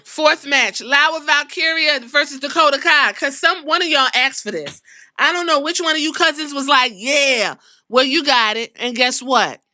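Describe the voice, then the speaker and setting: A woman's voice: high-pitched, bright, forceful tone, no room sound, clean studio sound. A young woman hosting a podcast, recapping wrestling in a sassy, profane, casual way. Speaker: podcast host.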